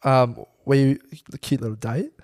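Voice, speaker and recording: A man's voice: medium pitch, steady tone, unhurried, a little mellow. Young Australian male co-host, mid-range voice; easygoing and teasing. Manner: laid-back, teasing, swears casually. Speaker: podcast co-host. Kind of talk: casual chat.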